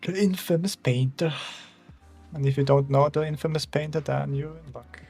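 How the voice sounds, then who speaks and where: His voice is a little high and steady, at normal speed, gravelly and slightly rough yet a little mellow. He's a young Austrian art streamer with an Austrian German accent, casually rambling and chuckling through chat while he draws, faint music playing behind.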